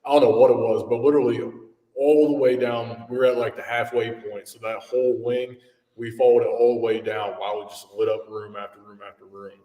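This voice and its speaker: A man's voice: mid-range voice, level tone, brisk, dull audio. A man co-hosting a podcast tells a story in earnest, wide-eyed casual chat. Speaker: podcast co-host. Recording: echoey, distant room mic.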